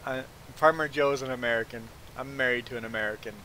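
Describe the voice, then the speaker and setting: Talking fast at a medium pitch, this man from Belize chats casually through a story as he streams a farming game. He stammers on his repeated "I"s and animatedly voices the people he's quoting. Slight background noise sits under a rough recording.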